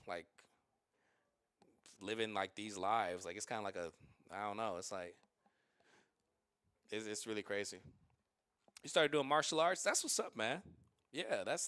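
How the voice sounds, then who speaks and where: A man streaming and telling stories in a casual, rambling, animated way, with many restarts. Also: lowish voice, clear, resonant tone, no echo, studio quality. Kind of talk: casual livestream storytelling.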